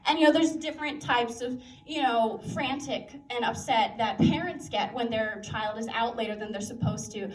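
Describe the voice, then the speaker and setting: A woman's voice: fairly high pitch, moderate pace, hardly any pauses. Young woman doing chatty stand-up. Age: young adult. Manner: chatty, self-mocking, lots of fillers and laughs. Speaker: stand-up comic. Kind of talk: stand-up comedy set. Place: university coffee house stage. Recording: echoey room, heard from a distance.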